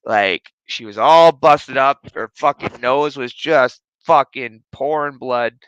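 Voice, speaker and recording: A man's voice: mid-range voice, takes it slowly, a bit bright, smooth, no echo, lo-fi sound. A man hosting a casual home podcast, telling a rambling, profanity-heavy story full of fillers. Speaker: podcast host. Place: his living room at home. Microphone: streaming setup.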